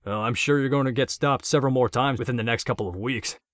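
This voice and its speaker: A man voicing a relaxed, chatty male patrol officer. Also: mid-range voice, fast, no echo, studio quality, pitched above the performer's own voice, close to an everyday voice. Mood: casual. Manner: casual, easygoing.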